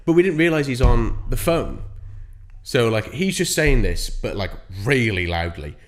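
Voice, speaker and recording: A young Englishman co-hosting a podcast, talking in a rambling, casual way and swearing freely. His voice is lively and bounces up and down as he tells a story, often slipping into other people's voices. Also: medium pitch, a little slow. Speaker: podcast co-host.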